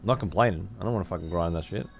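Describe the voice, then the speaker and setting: A man's voice: sits low, rapid-fire, gravelly, a little hiss or hum. A man streaming a game, chatting casually and swearing freely while answering his chat. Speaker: let's play streamer. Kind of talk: casual gameplay commentary.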